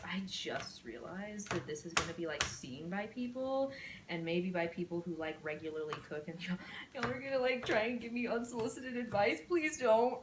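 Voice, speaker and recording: A flustered woman talks her way through cooking in a home kitchen, rambling and self-deprecating in a casual vlog chat. The room rings with echo, and steady background noise comes through clearly. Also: fairly low pitch, normal speed. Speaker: vlogger cooking on camera.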